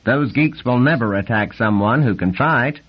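A man voicing an excitable young male navy lieutenant, brash and nasal, talking fast and swearing freely in an audiobook reading. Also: on the low side, breathy edge. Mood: scornful. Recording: dull lo-fi recording.

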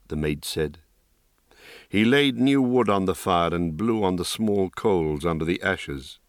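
A man narrating a fantasy audiobook in calm, steady scripted storytelling. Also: sits low, a little slow, no room sound, studio quality.

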